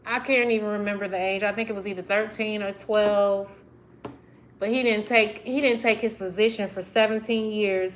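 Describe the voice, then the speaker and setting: A woman's voice: mid-range voice, steady tone, moderate pace, a little hiss or hum. A woman reading tarot cards on a livestream, talking effusively and getting emotional. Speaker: tarot reader.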